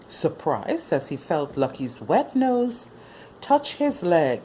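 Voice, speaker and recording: A woman reading a children's story aloud as a storyteller, in an expressive, sing-song manner. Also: lowish voice, takes it slowly, slight background noise.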